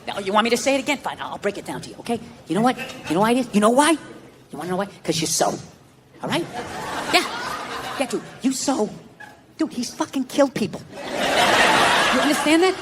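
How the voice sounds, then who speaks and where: A man doing a live stand-up set on a handheld mic, loud, profane and ranting. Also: extremely high pitch, sing-song, brisk, long pauses, background noise. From United States. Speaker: stand-up comedian. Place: live comedy venue in England. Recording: roomy hall with loud crowd laughter.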